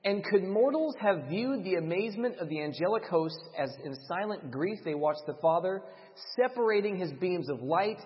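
A man's voice: high-pitched, expressive, moderate pace. Impassioned man preaching in a reverberant hall. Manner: dramatic, swings between loud emphasis and hushed delivery. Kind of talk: sermon. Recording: dull, reverberant hall sound.

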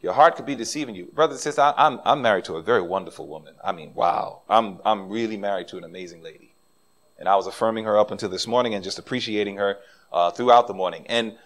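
A middle-aged man preaching a sermon as a pastor, talking to the congregation and acting out the voices of people he quotes. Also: mid-range voice. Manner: animated, acts out quoted voices.

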